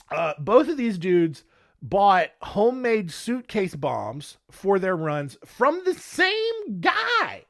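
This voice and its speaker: Male podcast host, high voice, jokey rambling chat, lots of fillers. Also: huge pitch swings, slow pace, fairly bright tone. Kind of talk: casual history podcast chat.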